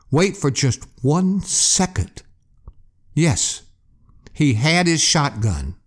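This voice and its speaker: A male podcast host telling a scary campfire story. He speaks slowly and draws out each line for effect. His pitch swoops widely as he builds suspense. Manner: slow, expressive storytelling. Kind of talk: storytelling narration.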